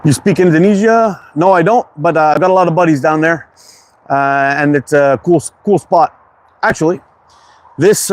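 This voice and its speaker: A man from Canada with a Quebec accent, casually hosting an outdoor livestream and greeting viewers from chat. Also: a little high. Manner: reads chat names aloud, laid-back and friendly, swears casually. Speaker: slingshot livestream host. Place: outdoors in cold wind. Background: wind and outdoor ambience.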